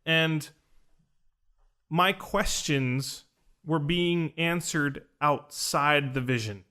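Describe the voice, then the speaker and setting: Rambling young man, fairly high voice. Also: drawn-out words, bright, forceful tone, smooth. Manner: earnest, rambling with many "like" fillers and restarts. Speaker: podcast host recounting a ceremony. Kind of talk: casual conversational storytelling.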